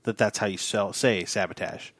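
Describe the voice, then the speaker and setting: Man, low voice, very animated, playful and jokey, tabletop game host. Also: fairly quick, no echo. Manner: playful, jokey, lively delivery. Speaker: player and host. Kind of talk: casual tabletop game chat.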